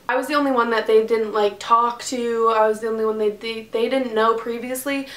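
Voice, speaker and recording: A young woman tells a storytime with exasperated, profane energy. Her voice sits a little high, and the room around her is echoey. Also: steady tone, fairly quick, few pauses, a bit bright. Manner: profane, exasperated retelling with acted quotes. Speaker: vlogger. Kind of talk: casual storytime.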